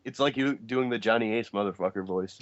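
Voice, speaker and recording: A man's voice: on the low side, fairly quick, no echo. A man co-hosting a casual wrestling podcast, chatty with fillers and laughs. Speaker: podcast co-host. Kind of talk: casual wrestling review chat. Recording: dry dull lo-fi podcast mic.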